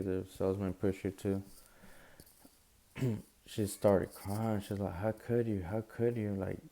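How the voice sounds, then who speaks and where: A man's voice: deep voice, mellow, smooth. A young man casually retelling a personal story in a slangy, conversational way, acting out the quoted lines.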